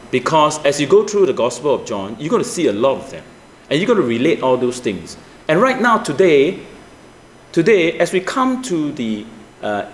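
Animated preacher in an echoey room. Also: male voice, mid-range voice. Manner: animated preaching with rhetorical questions, non-native grammar. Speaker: pastor. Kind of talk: sermon.

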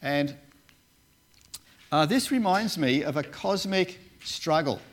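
A man's voice: fairly high pitch, animated, slow pace. A man who once worked as a Bible translator, giving a casual sermon and talking through slides with many fillers and restarts. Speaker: preacher, former Bible translator.

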